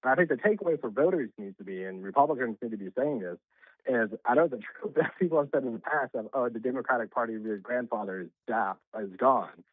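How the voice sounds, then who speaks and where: A male political commentator calls in over a tinny, phone-like line. He talks quickly and emphatically, with plenty of filler words. The sound is dry and close. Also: mid-range voice, animated, no room sound. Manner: brisk, emphatic, frequent fillers.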